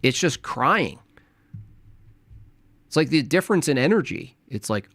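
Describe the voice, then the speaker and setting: A man's voice: a little high, very animated, measured pace, a bit bright, dry recording. A man in his forties giving combative, mocking live-stream commentary as a streamer. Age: 40s. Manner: mocking, taunting, argumentative. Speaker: streamer reacting to clips.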